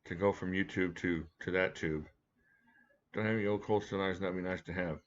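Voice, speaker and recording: A low-voiced man with a drawl chats loosely on a home live stream, greeting viewers by name and cracking jokes. The audio is a bit dull and lo-fi. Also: steady tone, a little fast. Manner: chatty, joking, talks to viewers by name. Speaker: live stream host reviewing knives. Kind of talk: casual live chat reading viewer comments. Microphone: desk mic at a home setup.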